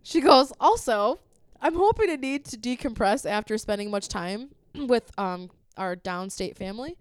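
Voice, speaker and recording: A woman with a fairly high, smooth voice spins a casual story full of swearing. She keeps laughing as she replays every text and reply. The sound is close and dry. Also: lively intonation, moderate pace, dry recording. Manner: profane, laughing, retells text exchanges.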